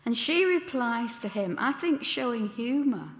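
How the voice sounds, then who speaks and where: Woman preacher, unhurried sermon delivery, asks questions of her listeners, roomy hall with a long echo. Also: on the high side, lively intonation. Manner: slow, deliberate, posing questions to listeners. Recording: echoey church hall with long reverb.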